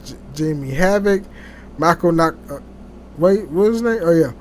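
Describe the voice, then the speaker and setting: Man, solo podcast host, rambling and halting, a bit high-pitched, faint noise behind. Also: animated. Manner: rambling, halting, many restarts and fillers. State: sleepy, yawning. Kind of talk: casual solo podcast commentary.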